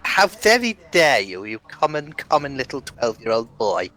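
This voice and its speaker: A man's voice: mid-range voice, big pitch swings, normal speed, sharp tone, faint music behind. A man doing a snooty lisping posh brat. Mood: affronted. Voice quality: lisp, haughty upper-class drawl. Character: snobbish posh lisping boy, indignant.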